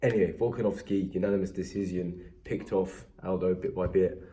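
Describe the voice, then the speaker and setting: Rambling, mellow-voiced English man. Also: deep voice, fairly quick, a little hiss or hum. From England. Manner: rambling, self-deprecating, animated when excited. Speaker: MMA vlogger. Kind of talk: casual recap chat.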